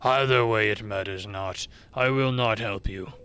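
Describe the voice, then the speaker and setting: A streamer voicing a proud, bitter ancient dragon in slow, grave, archaic speech. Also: mid-range voice, a bit bright, clear, resonant tone, no room sound, voice pushed down, close to an everyday voice. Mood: grave scorn.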